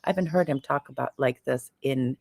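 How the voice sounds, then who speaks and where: Woman, brisk teasing tone, reads out viewer questions, dry close-up sound. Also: extremely low pitch, gravelly, a little mellow, no echo. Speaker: co-host. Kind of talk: casual live-stream chat. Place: home in Sicily.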